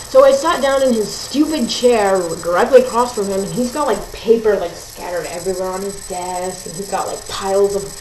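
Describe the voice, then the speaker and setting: A woman's voice: mid-range voice, brisk, hardly any pauses, a little mellow. A teenage girl telling a ranting story at home, chatty and exasperated, with lots of "like" and "um". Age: teens. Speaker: vlogger. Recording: roomy echo, faint hiss.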